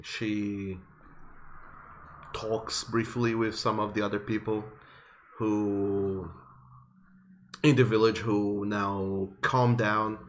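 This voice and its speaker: Slow low-voiced male game master. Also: flat delivery, a little hiss or hum. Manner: slow, halting, with fillers. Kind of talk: narrating a tabletop game.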